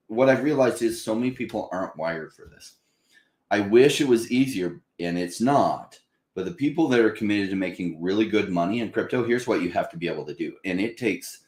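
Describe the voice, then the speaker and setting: A man hosting a casual talk about investing, animated and quick to act out panicked buyers in a higher voice. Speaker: crypto channel host. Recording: roomy echo.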